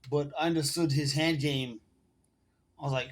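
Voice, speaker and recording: A man's voice: on the high side, fairly even intonation, normal speed. A man in his forties telling a long personal story to his phone camera in casual, rambling street slang full of swearing. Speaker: vlogger.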